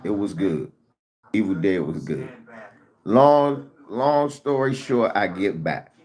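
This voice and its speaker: Low-voiced man telling a frantic story. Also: slow pace. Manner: animated storytelling with heavy profanity. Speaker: vlogger. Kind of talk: casual storytime.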